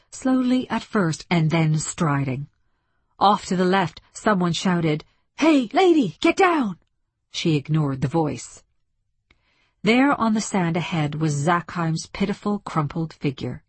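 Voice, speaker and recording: A woman reading a story aloud as scripted narration, measured and dramatic. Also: fairly low pitch, husky, no echo. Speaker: audiobook narrator.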